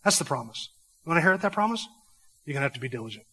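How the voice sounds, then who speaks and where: A man's voice: on the high side, sing-song, very fast, pushed and bright, long reverb tail, low-quality recording. A man preaching a sermon from the pulpit, fervent, with rising emphatic phrases. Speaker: pastor. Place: church sanctuary.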